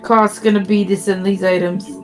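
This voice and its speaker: A woman playing a tabletop game, briskly explaining what her character does. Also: mid-range voice, little pitch movement, soft background music. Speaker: player. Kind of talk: casual tabletop game chat.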